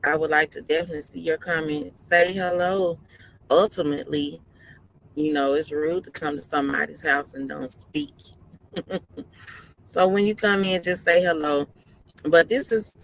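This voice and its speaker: A woman truck driver, sitting in her parked cab, talks casually on a live stream, yawning from tiredness and earnestly repeating her advice. Her voice sits low and a bit bright, captured with poor audio.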